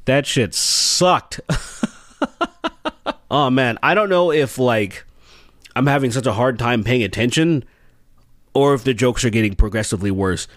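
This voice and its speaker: A man's voice: mid-range voice, moderate pace, long pauses, no echo. Wry man with a dry, close sound. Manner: wry, unimpressed remarks with sighs. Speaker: reaction video host. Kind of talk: casual commentary.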